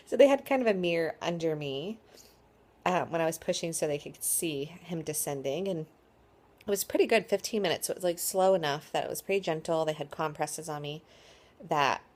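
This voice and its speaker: Tired woman in her 30s, low voice, rambling chatty vlog story. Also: brisk, a little mellow. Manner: chatty, rambling, with frequent likes and ums. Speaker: vlogger. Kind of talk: casual birth story vlog.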